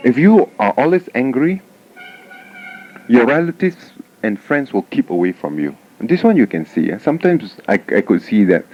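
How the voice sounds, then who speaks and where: A man giving a Buddhist dharma talk, telling stories animatedly and often tagging lines with "huh?". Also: medium pitch. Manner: animated storytelling, frequent "huh?" tag questions. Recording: dull lo-fi 1989 tape recording.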